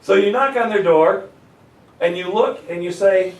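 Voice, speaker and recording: Lively joking man teaching a sales seminar. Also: high-pitched, unhurried. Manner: energetic, joking, laughs often at his own stories. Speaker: real estate sales trainer. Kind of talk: live sales seminar talk. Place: meeting room with a live audience. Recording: echoey room, mic far off.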